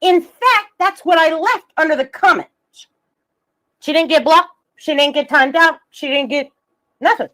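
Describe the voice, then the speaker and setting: A woman's voice: high voice, a little slow, sharp tone. A woman streaming live, ranting about online drama in a profane, combative, mocking way, reading out messages and jabbing at critics. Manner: reads messages aloud, laughs between jabs.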